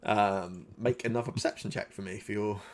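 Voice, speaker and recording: A man's voice: lowish voice, fairly even intonation, fairly quick. A man running a live tabletop game as game master, narrating in a loose, conversational way with plenty of ums and likes.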